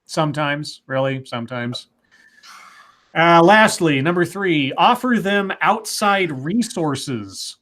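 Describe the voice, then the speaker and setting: A man's voice: on the high side, lively intonation, takes it slowly, fairly bright tone. A man co-hosting a stream, reading an article aloud with sarcastic asides.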